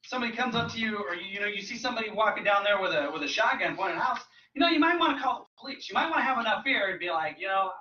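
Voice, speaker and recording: Man preaching, bright tense voice, casual joking delivery, roomy distant church recording. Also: high voice, animated, rapid-fire, hardly any pauses, muffled recording, a little hiss or hum. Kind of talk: sermon. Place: church sanctuary.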